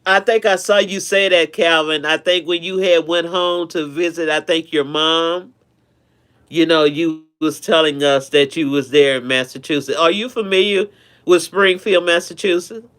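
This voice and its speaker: A man's voice: fairly high pitch, fairly even intonation, normal speed, a bit bright, smooth. A man hosting a casual live stream, chatting affectionately with viewers and often repeating himself.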